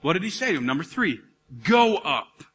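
A man in his thirties preaching a sermon to a congregation, animated and calling out to the crowd. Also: high-pitched, normal speed, breathy edge. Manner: animated, calls out to congregation, acts out dialogue. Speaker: pastor. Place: church hall. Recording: live hall recording with reverb.

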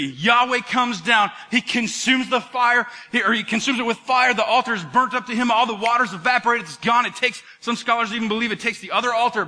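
A male pastor delivers a lively sermon, retelling the story with acted-out voices. His voice sits high and rings bright and forceful. He swings from near-shouts down to low, hushed asides.

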